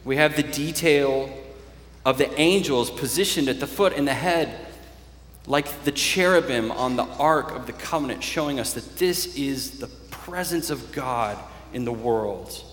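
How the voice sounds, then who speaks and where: A man's voice: mid-range voice, a bit bright, slight background noise. Earnest male pastor preaching in a hall. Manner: earnest, with slow emphatic phrases. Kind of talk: sermon. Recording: echoey church hall.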